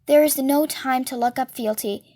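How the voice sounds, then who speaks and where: A woman's voice: high-pitched, moderate pace, warm tone, no room sound, studio quality, natural voice. A woman voicing a small, bossy, brainy boy who gives orders in a grand, theatrical way.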